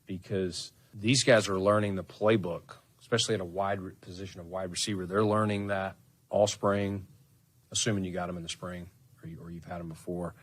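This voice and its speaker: Deep, husky male executive. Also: steady tone, fairly quick, dry recording.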